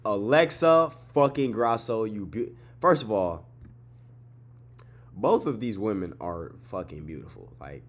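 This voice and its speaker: Tired young guy with a lowish voice, excitable, profane fight recap vlogger. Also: measured pace, a little hiss or hum. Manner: excitable, swearing, repeats phrases, trash-talks. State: tired, yawning late at night. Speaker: MMA fight recap host. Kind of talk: casual fight breakdown vlog.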